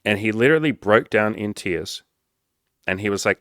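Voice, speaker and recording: Low-voiced, profane man telling a story. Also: normal speed, no echo, studio quality. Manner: casual, profane, self-mocking, quotes people in lively voices. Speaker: dating and self-improvement coach. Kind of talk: candid personal storytelling to camera.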